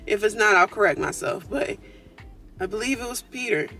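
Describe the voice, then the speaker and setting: A woman's voice: medium pitch, lively intonation, moderate pace, bright, forceful tone, faint music behind. A woman vlogger talking from her car, giving earnest, preachy faith encouragement straight to her viewers. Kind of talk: casual faith encouragement talk.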